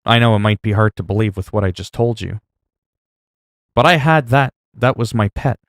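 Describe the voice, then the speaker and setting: A livestreamer at a home streaming desk chats casually with his viewers at normal speed, rambling between topics with many ums and self-mocking remarks. His voice is on the low side, and the recording is dry and close with almost no room echo.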